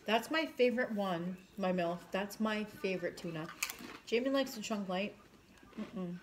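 A woman's voice: medium pitch, normal speed, slight background noise. A woman from New York with a noticeable New York accent, co-hosting a casual food livestream and chatting about food with firm opinions. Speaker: co-host. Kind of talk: casual chat while eating.

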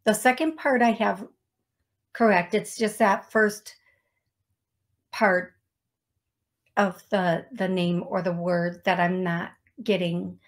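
Lady hosting a psychic stream, talks slow and chatty, laughs at herself, mid-pitched. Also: steady tone. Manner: slow, chatty, self-deprecating with small laughs. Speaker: psychic medium show host. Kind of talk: live-stream talk show, reading out names. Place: talking to viewers on a live stream.

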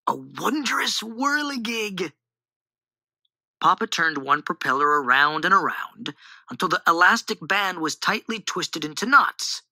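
A woman reading a children's storybook aloud in an animated, expressive way on a close mic. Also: low voice, normal speed, no room sound, low-quality recording.

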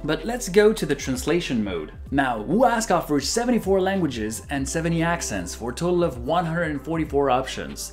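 A product reviewer demonstrating a translation device, switching between several languages as they test it. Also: mid-range voice.

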